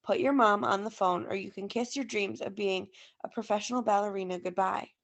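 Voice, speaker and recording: Lady reading as a pushy drama-queen teen girl, kinda gravelly, read-aloud story. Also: mid-range voice, fairly even intonation, fairly quick, close to an everyday voice. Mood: insistent. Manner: pushy, theatrical. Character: bossy dramatic teenage girl best friend.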